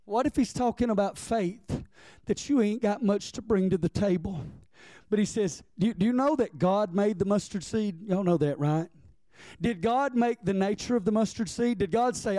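A man preaching a sermon, impassioned and rising to shouts before dropping to hushed prayer. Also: high voice, normal speed, no echo, studio quality.

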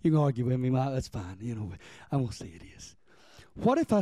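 A man preaching a sermon, impassioned and rising to shouts before dropping to hushed prayer. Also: mid-range voice, sing-song, a little fast, dry recording, clean studio sound.

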